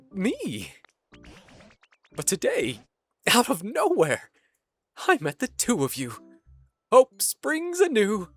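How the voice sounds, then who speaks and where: A man's voice: high voice, husky, voice pushed up, heavily acted. Man putting on a wistful, hammy game character who swoops way up and down, music under it. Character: lonely hopeful survivor creature of a ruined world.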